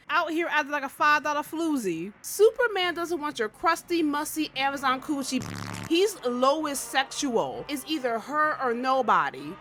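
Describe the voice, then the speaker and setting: A woman hosting a comedic video essay, talking in a sassy, slangy, animated way. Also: a little high. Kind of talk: casual comedic commentary.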